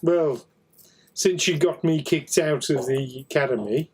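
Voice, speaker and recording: Slow-talking shifty outcast, as a game master puts him on, Black Country accent, always excusing himself. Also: male voice, a little high, a little mellow, breathy edge. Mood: defensive. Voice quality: broad regional drawl. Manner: offhand, self-excusing. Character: shifty expelled ex-cadet man, evasive.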